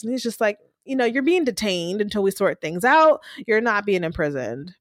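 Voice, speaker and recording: A woman co-hosting a casual recap podcast, talking in a lively way and acting out characters' lines as she retells scenes. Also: mid-range voice, normal speed, few pauses, dry recording, clean studio sound. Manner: animated, acts out characters' lines while retelling. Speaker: podcast co-host recapping a TV episode. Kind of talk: casual chat.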